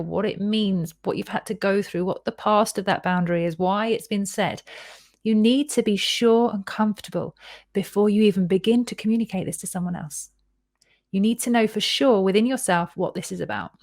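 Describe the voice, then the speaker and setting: Calm woman coach giving a talk. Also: medium pitch. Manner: calm, instructive, lists points step by step. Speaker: personal responsibility coach. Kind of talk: recorded live-event talk.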